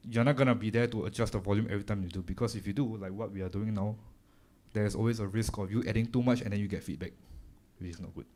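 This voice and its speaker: Mellow Singaporean man demonstrating audio gear. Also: on the low side, steady tone, quick pace. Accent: Singaporean English. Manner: casual, chatty explaining with asides; talks while chewing gum. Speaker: workshop presenter. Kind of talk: live technical demonstration. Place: live event room.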